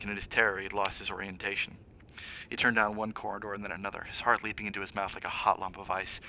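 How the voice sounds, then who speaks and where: A man's voice: lowish voice, sharp tone. A man streaming a dramatic read-aloud of a novel, with asides to his viewers. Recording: dull lo-fi mic with faint hiss.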